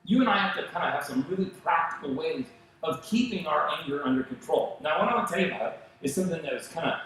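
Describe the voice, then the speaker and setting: A male pastor preaching a sermon, telling stories in an animated way and acting out the voices of the people he quotes. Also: on the high side, fast, very echoey, rough recording. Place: church sanctuary.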